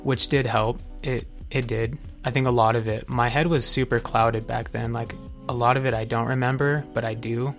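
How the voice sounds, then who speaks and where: A young man speaks candidly about his own struggles, earnest and confessional, often restarting his sentences. His pitch stays flat and level. Music plays clearly beneath him. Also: moderate pace. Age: young adult. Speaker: person sharing his recovery story. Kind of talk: candid personal testimony.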